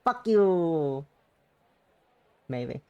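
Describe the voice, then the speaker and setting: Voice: medium pitch, sing-song, drawn-out words, darkish tone, smooth, no echo, lo-fi sound. A streamer reading a visual novel's dialogue aloud during a live stream, teary and emotional, breaking into swearing outbursts between lines.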